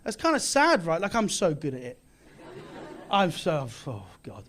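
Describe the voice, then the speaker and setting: A man's voice: a little high, huge pitch swings, a little slow, noisy background. A British man performing a stand-up comedy set in a club, with boastful mock bravado and self-mocking delivery. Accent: British English. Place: comedy club, live audience. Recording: live club with audience laughter.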